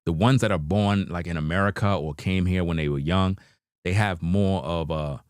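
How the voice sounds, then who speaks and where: A livestream host from New York, deep-voiced with a clean tone, talks casually at normal speed as he reacts to videos. There's clean studio sound with no room sound, and he leans on easygoing slang, chuckles, and repeats "you know what I mean."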